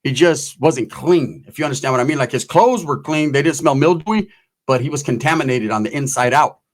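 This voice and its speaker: A man's voice: medium pitch, brisk. A middle-aged man telling profane, slangy comic stories in a casual way. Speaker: comedic storyteller. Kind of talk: casual comedic storytelling.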